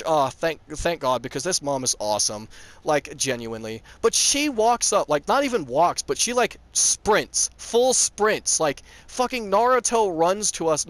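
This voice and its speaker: A man's voice: high-pitched, fairly bright tone, no room sound. A man telling a story in a casual, rambling way, full of filler words and casual swearing.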